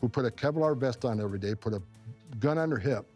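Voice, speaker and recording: A man's voice: mid-range voice, fast talker, a little mellow, faint music behind. Intense, passionate middle-aged man. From upstate New York. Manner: intense and passionate, repeats himself when moved. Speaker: former immigration enforcement director. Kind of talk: emotional interview answers.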